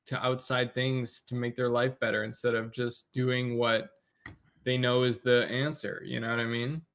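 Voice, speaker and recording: A man's voice: mid-range voice, little pitch movement, normal speed, fairly bright tone. A man as a podcast guest, agreeably chiming in with details in casual chat, recorded remotely.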